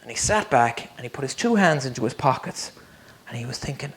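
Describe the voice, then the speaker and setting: A man's voice: mid-range voice, expressive, fairly quick, fairly bright tone. A man tells a story to schoolchildren in a playful way and asks them questions as he goes. His voice swoops up and down with great animation. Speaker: primary school teacher, storyteller. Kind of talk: storytelling for children.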